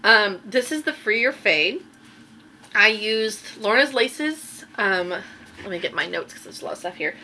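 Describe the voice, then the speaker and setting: This knitting podcast host chats loosely and wanders a bit, dropping plenty of ums while presenting her completed pieces. She speaks at a medium pitch with lively intonation and a measured pace, her tone bright and forceful. A slight hiss or hum sits under the recording.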